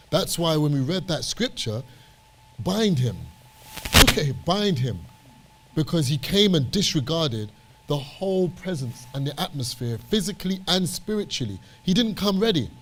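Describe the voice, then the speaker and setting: A British man serving as a church elder, preaching with passion and repeating phrases for emphasis. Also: a little high. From Britain.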